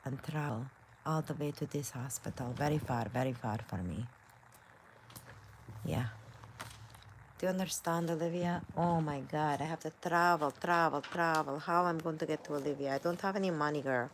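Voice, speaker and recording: A woman's voice: low voice, moderate pace, a little hiss or hum. A woman hosting a live stream in a playful, chatty way, reading viewer comments aloud and peppering her talk with "like" and "you know". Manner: frequent "like" and "you know" fillers. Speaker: livestream host. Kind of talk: casual live-stream chat.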